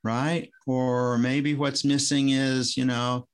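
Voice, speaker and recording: A man's voice: mid-range voice, little pitch movement, slow pace, smooth. A man, a former swim coach, chatting on a podcast in a rambling, self-interrupting way, often restarting his sentences. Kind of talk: casual podcast conversation.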